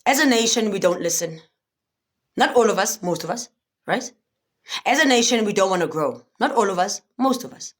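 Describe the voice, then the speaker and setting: Animated woman, spiritual speaker. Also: medium pitch, normal speed. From South Africa. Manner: animated, preachy, often asks if listeners understand. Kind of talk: livestream talk with viewers.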